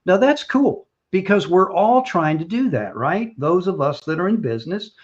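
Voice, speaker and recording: A man's voice: high-pitched, lively intonation, moderate pace, dull audio. An older man hosting a casual talk show, talking in a chatty, rambling way with restarts and little jokes. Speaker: show host.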